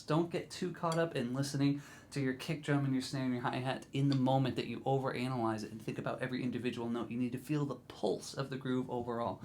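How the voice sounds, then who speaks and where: A man teaching drums, explaining grooves in a relaxed, encouraging way, counting in and scatting rhythms. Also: mid-range voice, fast, a little hiss or hum. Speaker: drum teacher. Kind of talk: instructional video talk.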